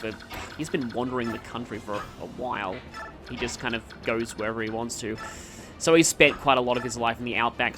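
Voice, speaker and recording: An Australian man commentates his game playthrough in a relaxed, conversational way, his voice sitting at an ordinary middle pitch. He wanders from thought to thought, stops to fix his own words, and keeps the chat going steadily. Soft game music plays quietly in the background. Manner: rambling, tangent-prone, self-correcting. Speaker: let's play commentator. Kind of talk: casual gameplay commentary.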